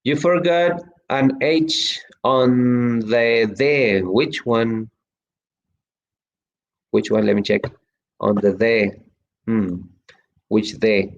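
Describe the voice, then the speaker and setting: A man's voice: lowish voice, vocal fry. Chatty male teacher with slightly dull audio. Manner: chatty, lots of fillers and restarts. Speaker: English teacher. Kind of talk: online class, reading student chat.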